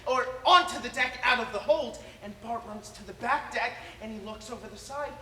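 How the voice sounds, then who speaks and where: A teenage actor playing Matt, an excitable young man in a stage play, retelling a story in stumbling bursts. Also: mid-range voice, moderate pace, recorded from a distance, lightly acted. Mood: eager. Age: teens. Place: school auditorium stage. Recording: echoey auditorium with faint noise.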